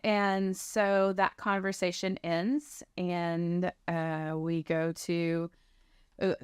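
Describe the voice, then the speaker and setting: A woman's voice: lowish voice, flat delivery, very slow, clear, resonant tone, dry recording, studio quality. A woman in her thirties sharing a personal testimony, earnestly telling her story and acting out what people said to her. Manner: earnest storytelling, acts out quoted dialogue.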